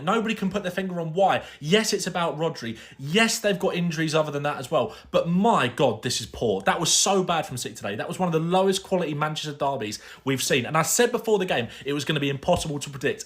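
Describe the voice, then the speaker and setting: A man's voice: a little high, expressive, quick pace, hardly any pauses, a bit bright. A man giving an emphatic, opinionated football match reaction as host. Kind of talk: fast football reaction commentary.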